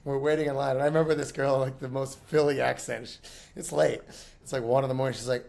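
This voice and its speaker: A man's voice: medium pitch, level tone, fast, vocal fry, a little mellow. A middle-aged man chatting casually as a podcast guest, telling rambling anecdotes and laughing often. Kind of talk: casual chat.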